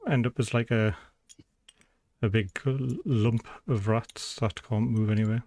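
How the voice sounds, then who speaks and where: A man's voice: fairly low pitch, fairly even intonation, measured pace, a little mellow. A man from England, chatting in a laid-back way as streamer and co-commentator. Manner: chatty, laid-back, muttering while typing. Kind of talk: casual live stream chat.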